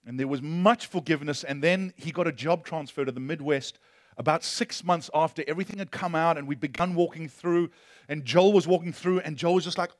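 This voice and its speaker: A man's voice: a little high, fairly quick, no echo. Impassioned male pastor, dry sound. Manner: impassioned, swinging from loud preaching to hushed storytelling. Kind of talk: sermon.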